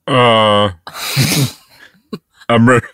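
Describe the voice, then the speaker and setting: A man's voice: mid-range voice, no echo. A man hesitating and laughing nervously in an improvised comedy sketch. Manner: hesitant, slow, then shouting in a put-on English accent.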